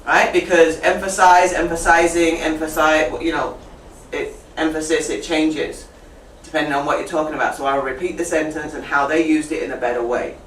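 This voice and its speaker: A woman teacher trainer running a lively classroom demonstration, repeating and correcting students as she goes. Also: low-pitched, moderate pace, hardly any pauses. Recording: echoey classroom from far off with faint noise.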